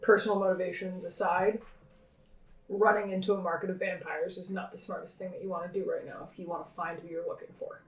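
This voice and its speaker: A woman's voice: fairly low pitch, steady tone, fast talker, hardly any pauses, faint music behind. A woman playing a tabletop game who speaks up with cautious advice. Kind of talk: casual tabletop play. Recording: roomy, slightly distant, faint keyboard typing.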